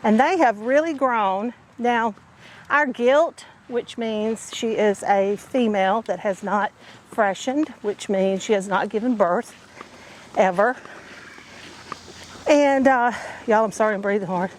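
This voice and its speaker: A woman's voice: medium pitch, takes it slowly. A woman chatting casually outdoors on her homestead, folksy and talkative, calling her viewers y'all. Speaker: homesteading vlogger. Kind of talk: casual chat to camera.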